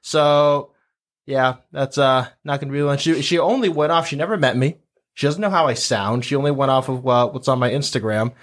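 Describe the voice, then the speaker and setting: Animated man hosting a casual panel. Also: mid-range voice, brisk. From Boston area. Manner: animated storyteller, acts out quotes. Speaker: podcast host.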